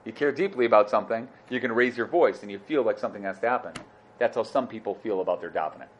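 Sly rich man, low and hushed, brushing off every accusation, as a man puts him on. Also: fast, highs cut off, slight background noise, natural voice. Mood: calm. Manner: low, quiet, dismissive. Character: evasive wealthy man, calm and sly.

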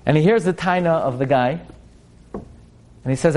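High-voiced animated man telling a story. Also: moderate pace, a little hiss or hum. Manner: animated, dramatic, addresses listeners directly. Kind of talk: storytelling lesson.

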